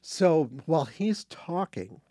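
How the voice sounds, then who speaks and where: Lively older man telling a story. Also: fairly high pitch, takes it slowly, no echo. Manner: animated, acts out quotes, restarts phrases. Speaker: guest telling an anecdote. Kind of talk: casual storytelling.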